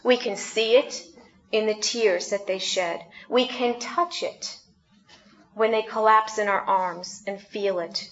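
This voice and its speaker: A woman pastor preaching a sermon, reflective and gentle, often asking the congregation questions. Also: medium pitch, fairly even intonation, takes it slowly, highs cut off.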